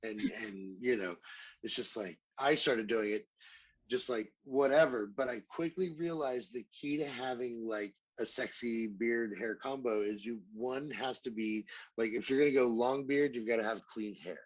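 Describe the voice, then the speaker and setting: Man, podcast co-host, casual chat, rambling, self-deprecating, mid-pitched. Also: normal speed, dull audio.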